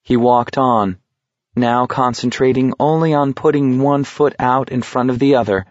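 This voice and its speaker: A man narrating an audiobook in a measured, steady reading voice. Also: mid-range voice, dry recording. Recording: dull lo-fi recording.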